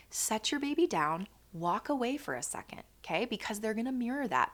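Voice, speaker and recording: Casting: woman, 30s, friendly vlog host, bright tone, chatty and loose. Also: medium pitch. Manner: chatty, filler-heavy, animated quoting. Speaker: channel host, postpartum educator. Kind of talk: casual educational vlog.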